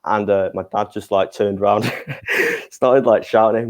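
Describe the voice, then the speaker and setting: Young man, lowish voice, chatty, laughs through stories, casual podcast chat. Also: steady tone, moderate pace. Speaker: podcast co-host.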